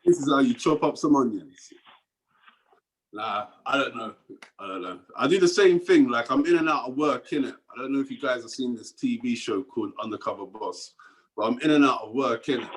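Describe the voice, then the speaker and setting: A man's voice: mid-range voice, brisk, low-quality recording. A man with a Cockney accent doing a rambling stand-up set over a video call, dropping into mumbled asides and chuckling at his own jokes. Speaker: stand-up comedian.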